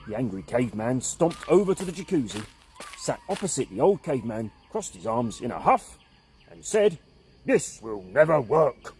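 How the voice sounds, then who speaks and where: A man narrating a children's story in an animated, expressive way. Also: mid-range voice, moderate pace, slight background noise.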